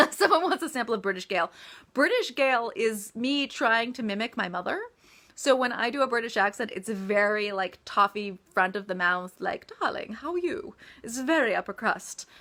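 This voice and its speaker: An American woman with a crisp, bright voice sitting a little above the usual pitch for a woman. She chats casually with fans in a live Q&A about her writing. She laughs often and pokes fun at herself. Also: moderate pace. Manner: giggly, self-deprecating, chatty. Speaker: author.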